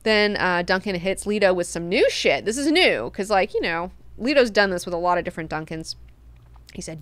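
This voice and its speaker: A woman in her thirties hosting a book club, casually recapping chapters in an animated, amused and profane way. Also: lowish voice, fairly quick, no echo.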